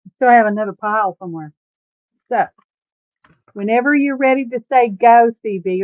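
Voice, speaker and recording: Woman, crafting stream host, folksy chatter, a bit high, thin phone-like sound. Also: normal speed, no echo. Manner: chatty, folksy, laughs easily. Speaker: livestream host. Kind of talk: casual crafting livestream chat. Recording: tinny phone-like sound, dry.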